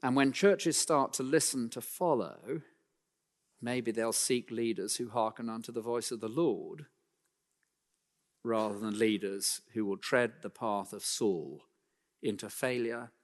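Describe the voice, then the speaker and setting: A man preaching a sermon in an emphatic style, climbing in pitch and force for key points, then dropping low and quiet, with dry self-deprecating asides. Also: unhurried, pauses often, long reverb tail.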